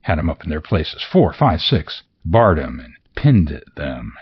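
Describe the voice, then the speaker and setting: A man reading a classic story aloud as narrator, in an expressive, theatrical manner. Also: a bass voice, a little slow, husky, muffled recording. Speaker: audiobook narrator. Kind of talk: scripted narration.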